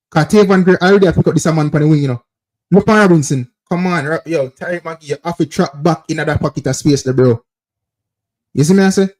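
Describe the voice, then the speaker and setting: A man's voice: a little high, darkish tone. A man with a Jamaican accent hosting a football call-in show, insistently breaking down plays over footage and calling out to viewers. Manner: repetitive, insistent, keeps addressing viewers as people.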